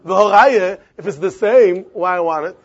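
A man with a Yiddish-inflected accent, giving a Talmud lesson in an animated, repetitive, sing-song way with many questions. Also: high-pitched, moderate pace, husky, dull audio. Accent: Yiddish-inflected English. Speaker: Talmud teacher.

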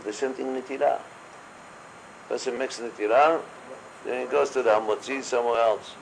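A man leading a casual religious study discussion, talking haltingly with many fillers and quoting blessings aloud. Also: mid-range voice, fairly even intonation, gravelly, slight background noise, rough recording.

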